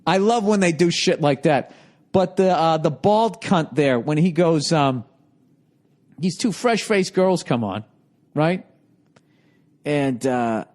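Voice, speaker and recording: A middle-aged man rambles through a casual podcast monologue. He swears freely and keeps breaking into quick impressions of the people he talks about. His voice sits slightly above the usual male range. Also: on the high side, darkish tone. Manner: profane, rambling, mimics people in goofy voices. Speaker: podcast host.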